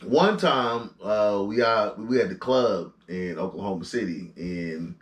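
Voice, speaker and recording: A young man co-hosting a podcast in casual chat, animated and teasing, cutting in with banter. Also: fairly low pitch, a little slow. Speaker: podcast co-host. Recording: echoey room, a little far from the mic.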